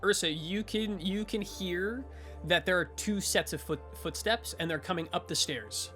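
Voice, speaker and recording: A man's voice: high voice, normal speed, music in the background. A man running a tabletop role-playing game as game master, narrating with lots of fillers and self-corrections.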